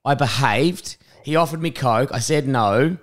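An Australian man co-hosting a casual podcast chat, telling rambling stories full of swearing and acted-out quotes, his voice a bit rough. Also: mid-range voice, a little slow. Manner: rambling storyteller, swears often, acts out quotes. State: voice rough from vomiting. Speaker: podcast co-host.

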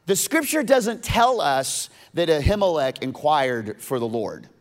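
A male pastor preaching a sermon, animated and emphatic, often restarting his words. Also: on the high side, measured pace.

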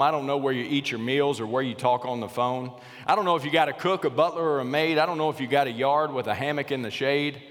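Preaching man in a big reverberant sanctuary. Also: fairly high pitch. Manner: dramatic swings from loud to hushed. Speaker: pastor. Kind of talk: sermon. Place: church sanctuary. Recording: long reverb of a large church.

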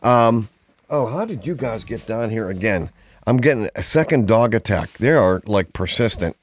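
A man's voice: fairly low pitch, lively intonation, moderate pace, dry recording. Man, podcast host, casual monologue, rambling, conversational, dry close mic. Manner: rambling, conversational, many fillers and asides.

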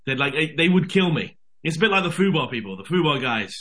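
Lively British actor with a bright voice. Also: male voice, a little high, quick pace. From Britain. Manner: animated storyteller, says "mate". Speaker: actor guest. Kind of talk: casual interview chat.

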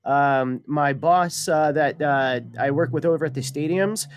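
A man's voice: fairly high pitch, measured pace. A man co-hosting a talk show, telling stories in casual chat full of fillers and swearing. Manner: storytelling, filler-heavy, profane. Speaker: co-host.

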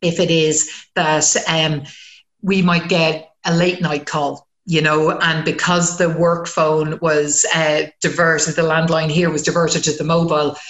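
A woman's voice: deep voice, unhurried, reverberant. A woman, a community counsellor talking frankly in casual chat and swearing when she gets worked up. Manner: frank and animated, swears freely.

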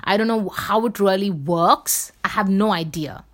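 A woman's voice: mid-range voice, normal speed. A woman vlogger talking casually in a rambling, playful way, full of fillers and restarts.

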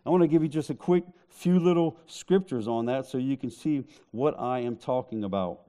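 A man's voice: mid-range voice, moderate pace, warm tone, clear, resonant tone. A man preaching a sermon, joking with the congregation in a conversational way. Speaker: pastor.

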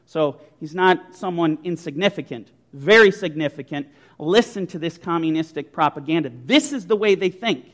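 A man preaching a sermon, forceful and emphatic, throwing rhetorical questions at his listeners. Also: a little high, normal speed.

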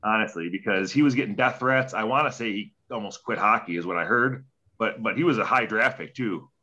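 Bright-voiced, profane young man storyteller. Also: fairly low pitch, a little fast, muffled recording. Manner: profane, rambling, animated retelling with quoted dialogue. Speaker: guest, former hockey player. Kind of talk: casual storytelling interview.

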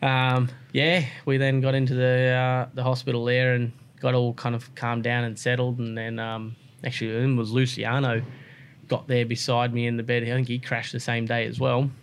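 Australian man, thirties, guest racer, casual storytelling, rambling with fillers, middle pitch, faint background hiss. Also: completely flat delivery, moderate pace. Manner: rambling, many fillers and restarts.

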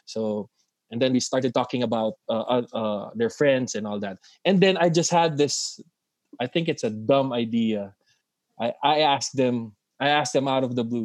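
A man co-hosting a casual podcast, recorded dry and close with no room sound. He talks in halting bursts, restarts his sentences often, and laughs at himself, at a middle pitch. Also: dry recording. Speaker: podcast co-host; father of daughters. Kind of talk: casual chat.

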